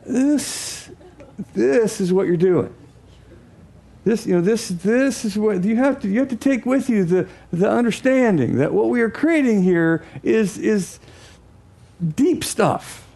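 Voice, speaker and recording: A man giving a teaching talk to an audience, animated and acting out examples as he speaks. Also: high-pitched, a little slow, gravelly.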